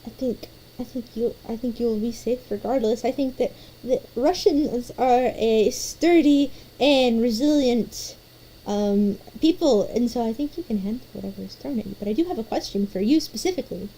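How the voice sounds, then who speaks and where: A woman's voice: on the high side, normal speed, dark tone, a little hiss or hum, rough recording. A woman hosting a late-night stream, chatting playfully and prompting her caller with questions. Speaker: streamer host. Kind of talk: casual chat.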